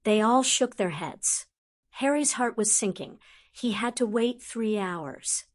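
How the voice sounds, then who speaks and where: Woman narrator, steady measured fantasy audiobook reading. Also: a little high.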